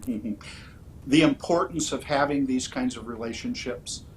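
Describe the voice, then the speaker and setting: A man speaking as a political candidate in an interview, his voice sitting at an ordinary middle pitch. He lays out his answers in a measured, orderly way. Light background noise and a faint rumble run under his speech. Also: low-quality recording. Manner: measured, orderly, with frequent "uh" fillers.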